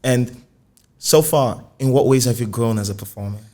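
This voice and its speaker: A man hosting a music podcast, asking questions in a relaxed, conversational way. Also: medium pitch, normal speed. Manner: conversational, frequent short affirmations. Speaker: podcast host, music journalist. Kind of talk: casual interview.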